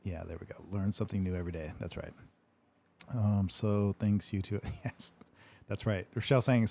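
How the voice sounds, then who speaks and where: A man's voice: low-pitched, moderate pace, mellow. A man hosting a casual livestream Q&A, joking, laughing often and swearing freely. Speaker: livestream Q&A host. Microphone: livestream microphone.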